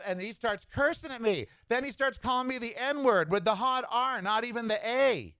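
A man's voice: very high-pitched, moderate pace, bright, forceful tone, smooth, no echo. A man hosting his own show, telling a story in a blunt, exasperated solo rant on a dry close mic. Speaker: podcast host. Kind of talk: ranting solo monologue.

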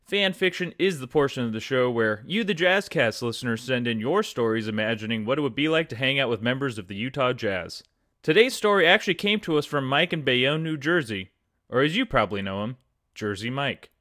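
A man's voice: medium pitch, animated, brisk, pushed and bright, no room sound, clean studio sound. A man hosting a scripted comedy podcast with an upbeat, polished delivery. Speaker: podcast host.

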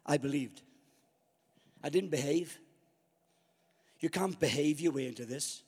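A man's voice: fairly high pitch, normal speed, in a large hall, a little hiss or hum. A man preaching a storytelling sermon, acting out his own past thoughts.

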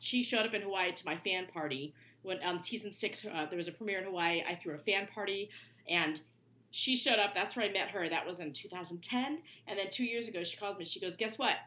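Bright-voiced chatty woman podcast guest. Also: medium pitch, a little hiss or hum, rough recording. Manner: chatty, tells long anecdotes. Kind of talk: casual chat.

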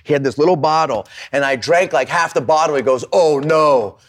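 A man's voice: a little high, fast talker. A man telling a rambling, profane story in casual chat, acting out the people in it. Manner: animated, swearing, acts out his story. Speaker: comedian and rapper guest.

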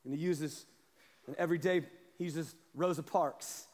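A man preaching a sermon as pastor, moving from quiet asides to shouted calls. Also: on the high side, fairly even intonation, normal speed. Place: church sanctuary. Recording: long hall reverb. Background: congregation responding.

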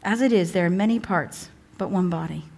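A woman's voice: lowish voice, fairly quick, gravelly, darkish tone. A woman giving a sermon as a guest preacher, chatty and humorous, often breaking off to restart or joke. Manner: chatty, humorous, self-interrupting. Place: church evening service.

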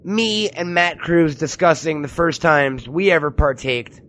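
A man's voice: fairly high pitch, a little slow, fairly bright tone, a little hiss or hum. A man hosting a podcast in casual comedic chat, joking and swearing as he riffs on stories. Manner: joking, profane, riffing impressions. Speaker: podcast host.

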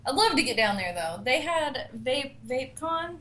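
A woman's voice: high-pitched, sing-song, normal speed, fairly bright tone. A woman from Tennessee with a Southern accent, a guest chatting easily on a talk radio show. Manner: easygoing, short replies. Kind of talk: casual talk radio chat.

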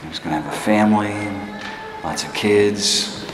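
A man preaching a sermon, telling a personal story in a halting, conversational, self-deprecating way with many restarts. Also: on the low side, music in the background. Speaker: pastor. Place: church hall before a laughing congregation. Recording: echoey hall, distant room noise.

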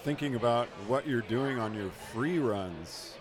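A man's voice: medium pitch, lively intonation, a little slow, music in the background. A man interviewing ski coaches, upbeat and joking. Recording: crowd noise outdoors. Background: crowd.

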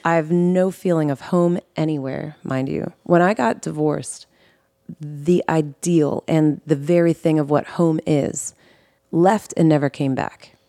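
A woman with a low, deep-set voice tells her own story on a podcast, earnest and emotional, catching and restarting her sentences. The sound is close and dry, with no room around it. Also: steady tone, warm tone, no room sound. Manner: earnest and emotional, with quick self-corrections and restarts. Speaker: guest host telling her life story. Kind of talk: candid personal storytelling on a podcast.

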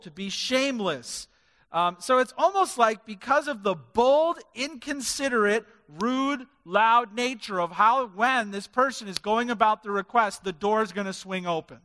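High-voiced, emphatic male preacher. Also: bright, forceful tone. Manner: emphatic, drives points home with stacked word lists. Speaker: pastor. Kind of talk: sermon. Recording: reverberant hall.

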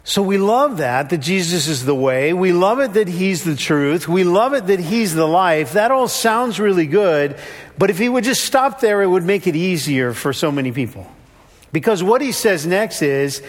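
A man with a high, light voice preaching a sermon in an easy, conversational way. He slips into the voices of the people he quotes to make a point. His words ring with a long reverb, as if he stood in a large hall. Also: lively intonation, normal speed. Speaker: pastor.

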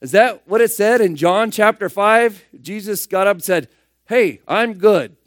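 A man preaching a sermon, firing rhetorical questions and swinging between loud emphatic bursts and hushed asides. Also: sits high, moderate pace, no room sound, clean studio sound.

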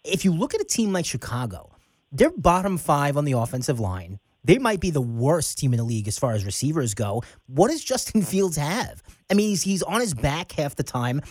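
A man co-hosting sports radio, upbeat and animated as he moves the show along. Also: a little high, normal speed, no room sound, studio quality.

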